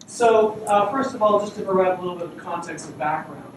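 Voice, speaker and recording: A middle-aged man giving an evening lecture to an audience, relaxed and full of "uh" fillers. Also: high voice, brisk. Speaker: invited speaker. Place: lecture hall. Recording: echoey hall, far from the mic, noisy.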